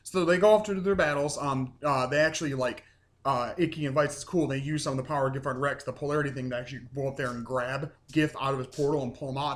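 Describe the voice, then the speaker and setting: A man's voice: fairly high pitch, a bit bright. A man casually recapping a TV episode at home, rambling with lots of fillers and casual swearing. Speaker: reviewer.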